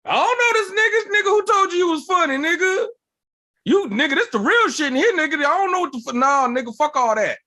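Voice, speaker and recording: A man voicing a loud, abrasive middle-aged male comedy promoter who yells and curses dismissively. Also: extremely high pitch, lively intonation, fast, pitched above the performer's own voice, full character voice. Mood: scornful yelling. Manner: yelling, profane, dismissive.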